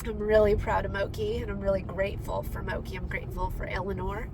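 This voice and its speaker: A woman's voice: medium pitch, little pitch movement, fast talker, very noisy. A young adult woman chatting eagerly to camera as a vlogger and rider, with plenty of ums. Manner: chatty and enthusiastic, with many ums. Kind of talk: casual chat to camera.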